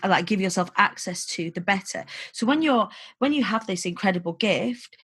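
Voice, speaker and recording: A woman speaking as a podcast guest in casual conversation, an expressive and animated storyteller. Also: medium pitch, breathy edge, dry recording. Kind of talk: casual chat.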